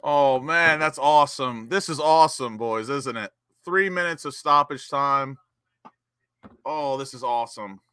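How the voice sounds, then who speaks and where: A young man hosting a live football watch-along, cheering as an excitable fan. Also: mid-range voice, a little slow, smooth, no room sound.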